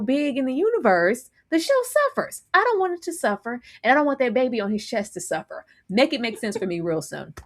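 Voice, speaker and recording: A woman co-hosting a casual live TV recap, animated and laughing often as she acts out her reactions. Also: medium pitch. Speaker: co-host.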